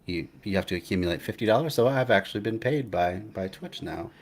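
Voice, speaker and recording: A young man hosting a live stream, chatting casually in a rambling, halting way, with many restarts and fillers. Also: fairly low pitch, expressive. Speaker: livestream host.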